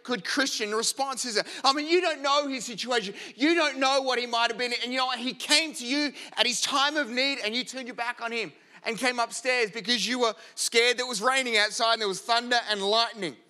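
A preacher putting on a scolding wife from a joke, lecturing her husband about doing the right thing. The voice sits high and sounds sharp and tense, told as part of a sermon story. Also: a little fast, hardly any pauses. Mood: chiding. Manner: chiding, moralizing.

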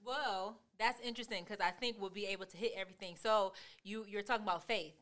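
A woman co-hosting a faith talk show in casual chat, soft-spoken and measured as she keeps the discussion on track. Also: mid-range voice, steady tone. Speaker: podcast co-host.

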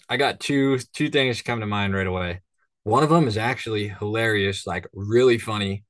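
A hunting guide from northern Minnesota rambles through stories in a casual podcast chat, acting out the voices as he goes. His voice sits on the low side with a fairly bright tone at a normal speed. The recording is clean studio sound with no room sound.

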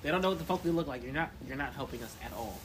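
Quick-talking, exasperated man. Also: mid-range voice, expressive, a little hiss or hum, rough recording. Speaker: podcast co-host. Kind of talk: casual chat.

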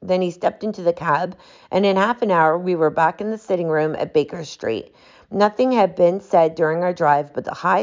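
A woman narrating a classic story as an audiobook in a measured, even way. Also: on the low side. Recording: dull lo-fi audiobook recording.

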